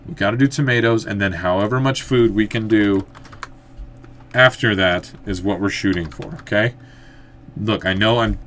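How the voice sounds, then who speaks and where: A man giving casual let's-play commentary, thinking aloud as he plays and breaking into excited outbursts. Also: on the low side. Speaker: gameplay commentator.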